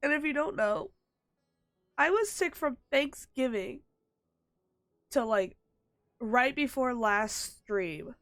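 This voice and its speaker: A woman's voice: high voice, expressive, slow, pauses often, a bit bright, no echo, clean studio sound, faint music behind. A woman live streaming a video game with a stuffed-up nose, chatting bluntly and with lots of swearing, laughing at herself, into a desk microphone at home. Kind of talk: casual gaming stream chat.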